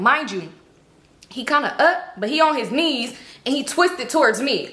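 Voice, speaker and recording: A woman with a fairly high, bright, edgy voice retells a personal story in a casual vlog. She talks in an animated way and curses constantly. The room around her rings with echo. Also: normal speed. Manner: heavy cursing, animated retelling. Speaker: storytime vlogger. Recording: roomy echo.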